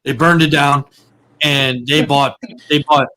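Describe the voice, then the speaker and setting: A man's voice: on the high side, fairly even intonation, measured pace, sharp tone, low-quality recording. A man hosting a podcast, chatting casually and telling rambling, profane stories full of repeated words. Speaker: podcast host.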